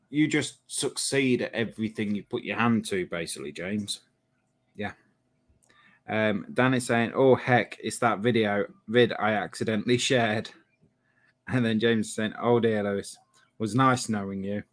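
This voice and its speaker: Low-voiced man reading chat, admiring. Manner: admiring, drops to soft murmured exclamations over models. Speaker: livestream host of a model-making channel. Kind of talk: casual chat reading out viewer comments.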